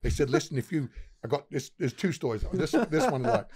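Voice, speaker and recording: A man's voice: fairly high pitch, lively intonation, fairly quick, a little mellow, breathy edge. A man, a pub owner, telling rambling, profane anecdotes as a podcast guest. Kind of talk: casual podcast storytelling.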